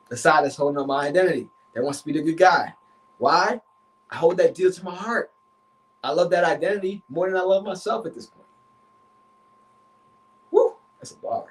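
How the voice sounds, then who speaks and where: A man, a relationship coach, telling a personal story on a casual live stream. He is animated, slangy and profane, and acts out the voices in his head. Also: a little high.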